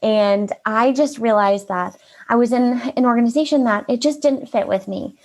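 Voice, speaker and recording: Bubbly high-voiced woman guest. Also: normal speed. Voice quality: high-pitched voice. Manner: bubbly and upbeat, often laughs. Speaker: marketing consultant, guest. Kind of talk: casual interview chat.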